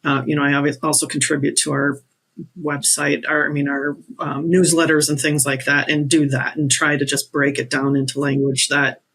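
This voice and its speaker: A man's voice: fairly high pitch, little pitch movement, normal speed, a bit bright, breathy edge, poor audio. A man working at a brokerage, a podcast guest, talking casually and rambling with restarts. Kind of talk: casual chat.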